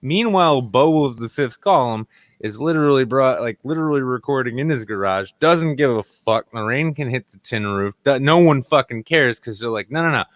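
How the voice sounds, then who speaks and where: A man's voice: medium pitch, expressive, normal speed, no echo. A young man from New England vents on a podcast in a casual, profane rant full of sarcasm. His voice sits in a middle register, and the recording is close and dry, with no room sound. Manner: ranting, sarcastic, swears a lot. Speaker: podcast host.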